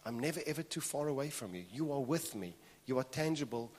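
A man delivering a sermon in an earnest, steady voice of middle pitch. He repeats key phrases for emphasis. The long reverb of a church hall hangs after every line. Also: a little fast. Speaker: pastor.

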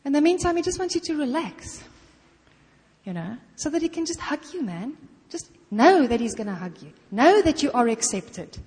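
A woman's voice: high-pitched, sing-song, normal speed, darkish tone. A middle-aged woman preaching a sermon in a conversational way, often saying "you know" and acting out little prayers in her own voice. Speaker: guest preacher. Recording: long reverb of a hall.

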